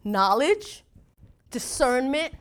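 A middle-aged woman pastor delivers a sermon in a high, bright voice. She tells stories in an animated way, acting out bits of dialogue as she goes. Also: slow. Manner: animated storytelling with laughs and acted-out dialogue.

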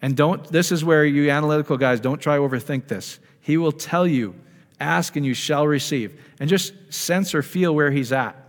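A man's voice: on the high side, normal speed, hardly any pauses. Man coaching a group in an echoey hall. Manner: conversational, coaching, asks the audience questions. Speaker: ministry speaker leading prayer. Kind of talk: informal teaching to a live group. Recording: long reverb of a hall.

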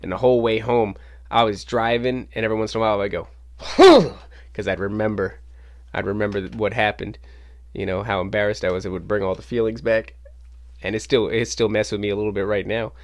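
A man with a slightly low voice hosts his own podcast, spinning a loose, animated story. He talks casually and swears freely. Now and then he jumps into the other people's voices. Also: quick pace. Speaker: podcast host. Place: home podcast studio.

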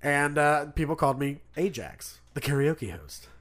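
A man with a bright, forceful voice that sits a little high for a man. He chats casually as a podcast guest, telling a long, meandering story and slipping into other people's voices as he goes. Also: lively intonation, normal speed. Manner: rambling, acts out voices in his stories.

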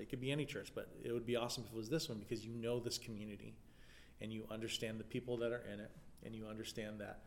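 A man's voice: lowish voice, creaky, a little hiss or hum. Earnest man musing on faith. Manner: earnest, thinks aloud with fillers. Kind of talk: casual chat.

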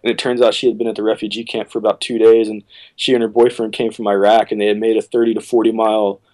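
A man with a fairly low voice tells a long story at an easy, conversational pace. He slips into quick bursts of acted-out speech and otherwise keeps a casual, friendly flow. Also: poor audio. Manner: relaxed storyteller, acts out quotes with sudden pitch jumps. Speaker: worship leader, podcast guest.

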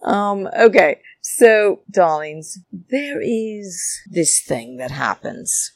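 Heated woman ranting, gravelly voice. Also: mid-range voice, very animated, extremely slow, no echo. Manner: heated, swearing, calls listeners darlings. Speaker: podcast or vlog host. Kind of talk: casual rant. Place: flat in a big city.

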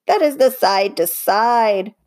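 A woman's voice: mid-range voice, animated, darkish tone. Woman voicing a small earnest green creature. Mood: patient, hurt. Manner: stiff formal phrasing, slow and patient. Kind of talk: audiobook character voice.

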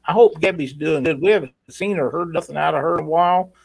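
Folksy man, gravelly voice. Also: on the high side, fast, no room sound, rough recording. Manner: folksy, reads chat comments aloud. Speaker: co-host of a live stream giveaway. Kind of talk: casual live-stream chat.

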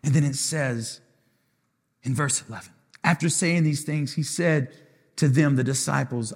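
A man's voice: mid-range voice, unhurried, pauses often, breathy edge. A man preaching as lead pastor in a live sermon, with impassioned, repetitive phrases that swell into sung lines. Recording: long hall reverb.

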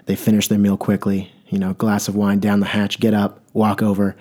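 In a relaxed, unhurried manner, a man with a low, mellow voice rambles through a comedic story. His monologue is full of wry asides and shifting pace.

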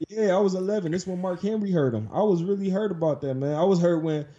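Mellow-voiced young man, lo-fi. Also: sits high, quick pace. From Detroit, USA. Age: 20s. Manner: rambling, many fillers. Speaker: podcast guest and game developer. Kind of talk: casual chat. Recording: dull lo-fi sound.

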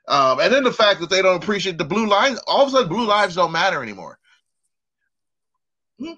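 Brief: male co-host, casual rant, lively swooping delivery, cussing, stumbling restarts. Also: high voice, fairly quick, long pauses, highs cut off. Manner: animated, profane ranting with repeated restarts. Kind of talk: casual chat.

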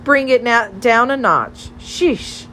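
A woman's voice: medium pitch, big pitch swings, a little slow, fairly bright tone, slight background noise, poor audio. A woman reading an audiobook, voicing a bubbly, teasing teenage girl who chatters playfully and pushes her shy friend.

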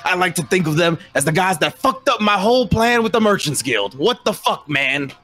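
A man putting on a shouty, furious goblin boss. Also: high voice, sing-song, normal speed, faint music behind, pitched above the performer's own voice, exaggerated voice. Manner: shouty, swearing, petulant. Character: angry little male goblin crime boss.

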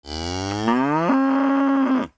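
A man's voice: a little high, huge pitch swings. A young man hosting a fan podcast in a casual, playful, joking way. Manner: playful, joking, quick asides.

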